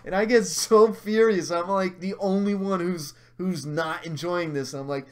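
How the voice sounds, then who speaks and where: A man's voice: sits high, fairly even intonation, unhurried, few pauses. A man hosting a casual livestream, ranting with heavy swearing and mocking asides while he answers viewer chat. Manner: profane, heated rants with mocking asides.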